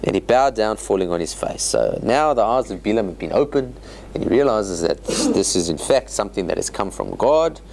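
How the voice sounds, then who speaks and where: A man teaching a Torah study class as a rabbi, explaining scripture in an animated way with joking asides. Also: lowish voice, brisk, creaky, slight background noise. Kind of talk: informal Bible lecture.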